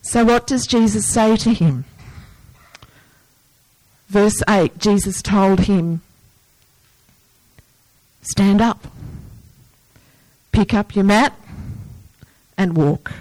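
A woman's voice: mid-range voice, extremely slow, pauses often, dry recording, rough recording. A woman preaching a sermon in an earnest, plain manner, reading scripture and asking the listeners questions. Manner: earnest, breaks into lively movie-yelling asides.

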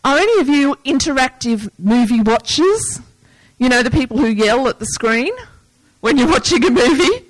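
A woman's voice: high voice, moderate pace, no room sound, poor audio. A woman preaching a sermon in an earnest, plain manner, reading scripture and asking the listeners questions. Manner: earnest, breaks into lively movie-yelling asides.

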